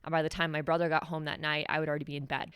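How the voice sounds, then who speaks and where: A woman's voice: sits low, little pitch movement, very fast, a bit bright, clear, resonant tone, no echo, clean studio sound. A young woman from New Mexico hosting a solo podcast, telling a personal story in a candid, conversational way with many "like"s. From New Mexico, USA. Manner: candid, conversational, heavy use of "like". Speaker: podcast host.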